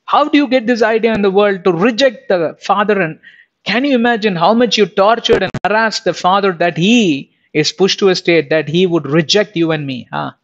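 A man with a high voice, speaking at normal speed, preaches a Bible lesson as a sermon, emphatic and packed with rhetorical questions and repetitions. The recording is dull and lo-fi.

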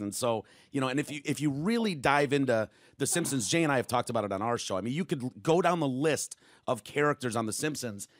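A man's voice: medium pitch, dry recording, clean studio sound. A man hosting a podcast, asking questions in a casual, laid-back way. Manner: casual, laid-back, with frequent agreeing "yeah"s. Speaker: podcast host. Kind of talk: casual conversational interview.

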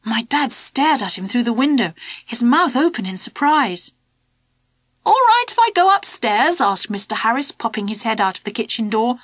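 Lively woman reading a children's story. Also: fairly high pitch, moderate pace, slightly rough, no echo. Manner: lively, storytelling first-person narration. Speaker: audiobook narrator. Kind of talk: children's audiobook narration.

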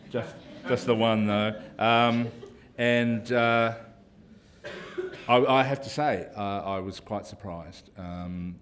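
A man's voice: lowish voice, steady tone, slow pace, a bit bright. An Australian man, a cartoonist speaking on a panel, rambling and self-deprecating with many fillers. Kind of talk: casual panel talk.

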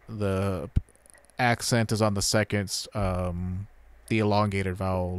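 Low-voiced male streamer explaining pronunciation. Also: level tone, clean tone, no echo. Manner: explains Japanese pronunciation, repeating words slowly. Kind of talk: casual gameplay commentary.

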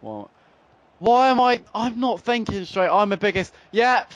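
A young man commentating his own football video game play, swinging between frustrated groans and excited shouts. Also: high voice, measured pace, no room sound, highs cut off. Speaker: gaming YouTuber. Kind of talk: live gameplay commentary.

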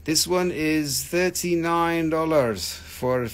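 A man's voice: fairly high pitch, slow. A man running a live online gem sale, chatting casually, joking, rambling and swearing as he shows the stones. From United States. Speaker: live-stream gem seller. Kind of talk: casual live sales chat.

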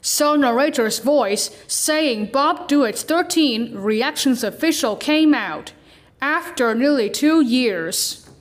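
A woman with a high, light voice hosts a casual reaction video. She talks slowly and loosely, rambling a little from point to point. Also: lively intonation.

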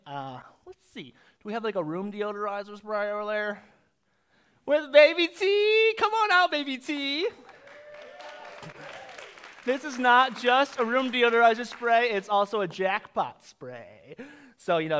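A man's voice: high voice, normal speed, fairly bright tone, some chatter behind. A man hosting a live drag comedy game show on a theater stage, with campy, rambling, self-mocking banter into a handheld microphone.

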